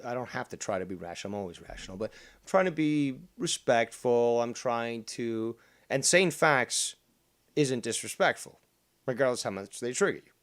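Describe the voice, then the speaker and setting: A man's voice: medium pitch, expressive, normal speed. A man from Canada hosting a heated panel argument, smug and profane as he lectures the others. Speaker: show host.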